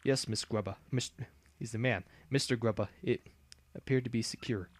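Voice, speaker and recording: Brief: prim woman manager, hushed and clipped, as a man reads her. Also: mid-range voice, normal speed, natural voice. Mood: formal. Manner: quiet, stiff and businesslike. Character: prim, formal female arena manager. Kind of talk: reading game dialogue aloud.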